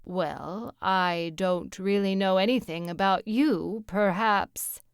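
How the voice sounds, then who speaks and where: A woman's voice: mid-range voice, slow, clear, resonant tone, dry recording, studio quality. A woman voicing a rich man stuck on an awkward date, speaking politely and hesitantly. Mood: uneasy.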